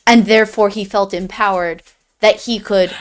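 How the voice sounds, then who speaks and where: A woman talks casually about a novel at a mid-range pitch. She is chatty and frank with her opinions, and she fills her sentences with "like." Her delivery is relaxed, like a podcast conversation. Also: moderate pace. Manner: chatty, opinionated, uses lots of "like". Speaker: podcast co-host. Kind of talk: casual book discussion.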